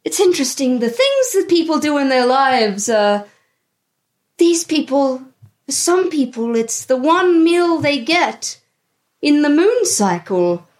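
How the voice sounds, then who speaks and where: Haughty witchy fortune-teller voiced by a woman, high and lilting, unhurried, tabletop game. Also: very animated, a little mellow, heavily acted. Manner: haughty, theatrical, giggly. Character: snooty fortune-telling female would-be writer with a witchy cackle.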